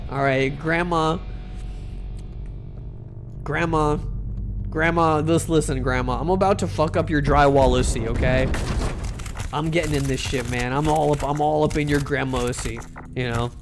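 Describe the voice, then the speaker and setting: A man's voice: fairly high pitch, fairly even intonation, moderate pace, long pauses, a little hiss or hum. A young man, a VTuber, chatting casually while streaming a game, rambling through jokey stories with lots of restarts and swearing. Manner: rambling, self-interrupting, joking and profane. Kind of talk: casual live-stream chat while gaming.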